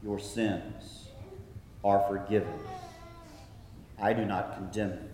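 A man preaching a sermon in a slow, earnest way, dropping to a soft hush when he quotes scripture. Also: lowish voice, steady tone, slight background noise. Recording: echoey hall, from a distance.

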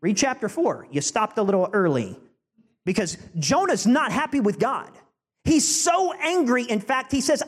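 High-voiced male preacher, emphatic. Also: moderate pace. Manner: animated, rising to emphatic peaks. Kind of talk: sermon. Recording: long church-hall reverb.

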